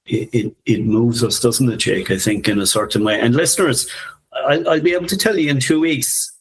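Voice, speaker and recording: A man in his fifties, co-hosting a podcast in a reflective, musing conversational way, soft-spoken and often laughing. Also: mid-range voice, normal speed, breathy edge. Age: 50s. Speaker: podcast co-host.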